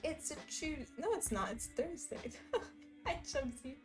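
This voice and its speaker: A woman's voice: high voice, expressive, measured pace. Young woman, giggly, chatty, casual stream talk, faint music behind. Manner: giggly, chatty, reads chat messages aloud. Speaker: livestreamer reading chat. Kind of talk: casual stream chat while stitching.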